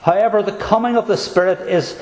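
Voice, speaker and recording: A man preaching a sermon, earnest and emphatic, slowing down to stress key phrases. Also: sits high, darkish tone, reverberant, low-quality recording.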